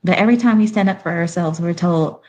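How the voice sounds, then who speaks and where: A woman's voice: on the low side, fast talker, a little mellow. A woman from Haiti hosting a live stream. She gives blunt, sassy commentary and fires off rhetorical questions. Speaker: livestream commentator.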